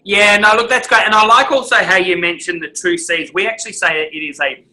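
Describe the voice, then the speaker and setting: Man, speaking coach, enthusiastic training talk, very bright tone, slightly high voice. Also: a little fast, low-quality recording. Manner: enthusiastic, animated, emphatic delivery.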